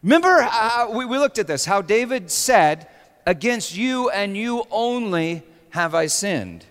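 A man preaching a sermon with dramatic swings between hushed storytelling and sudden shouts. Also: sits high, animated, unhurried. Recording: long reverb of a large hall.

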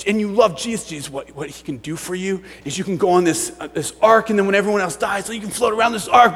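A youth pastor preaching a sermon, telling stories with animated swings from shouts to hushed words. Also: male voice, high-pitched, fast, long reverb tail. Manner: animated storytelling, bursts of shouting, then hushed. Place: church sanctuary.

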